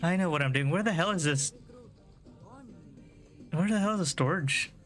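A man's voice: fairly high pitch, normal speed, fairly bright tone, soft background music. A man streaming a video game live, chatting casually, joking, swearing and laughing a lot as he plays. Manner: jokey, laughs often, swears, teases chat. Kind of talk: casual live gameplay commentary.

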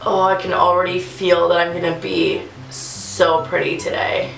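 A woman's voice: on the low side, level tone, normal speed, vocal fry. A young woman talks her way through a makeup tutorial, giggling and joking at her own expense as her nerves show. Her voice bounces around a roomy, echoing space, and faint music plays underneath. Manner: giggly, self-mocking, nervous chatter. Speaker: beauty vlogger. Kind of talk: casual makeup tutorial chat.

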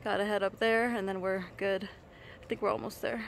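A woman vlogging outdoors on a mountain trail into a handheld camera, tired and out of breath, often exclaiming in a nervous, breathy way. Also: mid-range voice, steady tone, fairly quick, slight background noise. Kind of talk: casual vlog narration while hiking.

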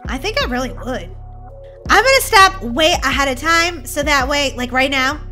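A woman hosting a playful gameplay commentary, giggly and excitable, shrieking when startled. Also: high-pitched, moderate pace, soft background music. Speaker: gaming channel host.

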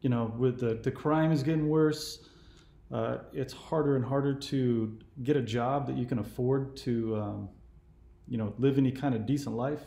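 A man's voice: medium pitch, steady tone, moderate pace, gravelly, mellow. Easygoing man in his forties, roomy sound. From California. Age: 40s. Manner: easygoing, meandering talk. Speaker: YouTube host. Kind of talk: casual phone conversation.

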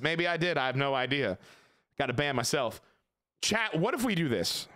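A man's voice: mid-range voice, sing-song, normal speed, bright, forceful tone. A man streaming a game, chatting casually with his viewers, swearing and joking as he rambles. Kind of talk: casual live-stream chat.

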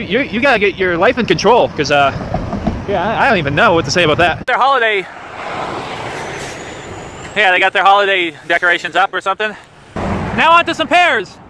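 Brief: male walking vlogger, high bright voice, goofy rambling delivery, roadside, handheld camera. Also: slight background noise. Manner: playful, rambling, jokey asides. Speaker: vlogger walking across the country. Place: roadside outdoors.

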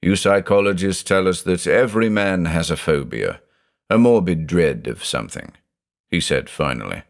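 A man's voice: deep voice, animated, normal speed, creaky. A man voicing a tormented older male judge who is brooding and anguished and says he is haunted by thoughts of murder.

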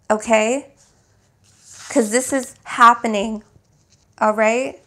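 Woman tarot reader with a slightly high voice, unhurried and emphatic, coaching listeners through affirmations. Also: steady tone, bright, forceful tone. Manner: searching for words. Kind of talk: spiritual tarot reading.

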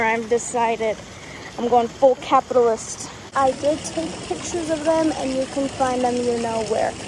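A woman's voice: on the high side, noisy background. A woman vlogging to her phone in casual chat, rambling and jokey, laughing often and swearing. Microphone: phone camera.

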